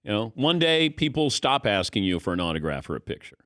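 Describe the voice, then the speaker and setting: A man's voice: fairly low pitch, brisk, clear, resonant tone, no room sound, studio quality. A man hosting a sports talk radio show, telling a story and acting out the dialogue in casual chat. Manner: animated storyteller, acts out dialogue. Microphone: studio microphone.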